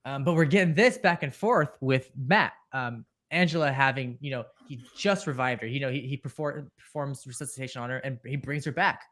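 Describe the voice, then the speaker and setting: A man's voice: mid-range voice, a little fast, hardly any pauses. Male co-host, casual live-call chatter, rambling and eager, home mic. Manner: rambling, excited, lots of fillers and coughs. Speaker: podcast co-host. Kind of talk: casual reaction discussion.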